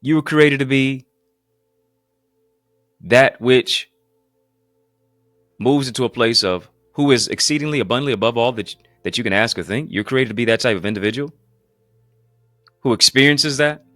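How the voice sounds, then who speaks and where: A man's voice: mid-range voice, normal speed, pauses often, fairly bright tone, no room sound, faint music behind. A man preaching as a pastor, in an emphatic, repetitive cadence full of rhetorical questions. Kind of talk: motivational preaching.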